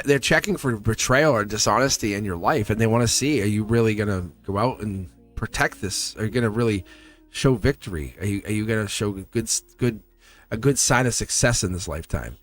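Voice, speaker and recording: A man giving a live tarot reading, talking in a rambling, earnest way, laughing often and acting out quoted lines. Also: fairly low pitch. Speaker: tarot reader. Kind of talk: live tarot reading, casual spiritual talk.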